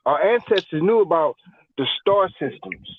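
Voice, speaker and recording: A man joins over a muffled, lo-fi call line and speaks in an earnest, somewhat preachy way. His voice sits a little high for a man. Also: animated, moderate pace, slightly rough. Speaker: music network guest. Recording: dull lo-fi online call audio.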